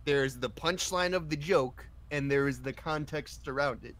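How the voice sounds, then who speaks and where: A man chatting over voice chat, riffing boisterously and swearing freely. His voice sits a little high and sounds bright and forceful. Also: normal speed. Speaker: streamer. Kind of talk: casual chat.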